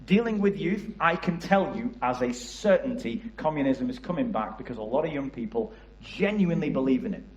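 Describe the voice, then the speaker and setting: A man's voice: mid-range voice, expressive, brisk, few pauses, reverberant, highs cut off, a little hiss or hum. A man with a Liverpool area English accent giving a passionate church talk about youth work, often asking the audience questions. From England. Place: church hall.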